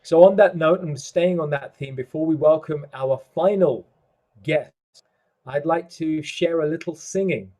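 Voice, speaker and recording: A man hosting an online summit on a video call, speaking in a slow, measured way and quoting scripture. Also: on the high side, mellow. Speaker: summit host. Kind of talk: reflective online talk. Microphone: home computer mic on a video call.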